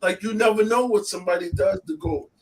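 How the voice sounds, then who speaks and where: A man in casual chat who makes relaxed, easygoing remarks. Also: high-pitched, quick pace. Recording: distant mic with faint room noise.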